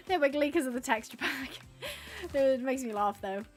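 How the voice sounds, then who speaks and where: A woman streaming live gameplay, chatting to the viewers and the game animals and getting excited. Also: high-pitched, unhurried, soft background music. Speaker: gaming streamer.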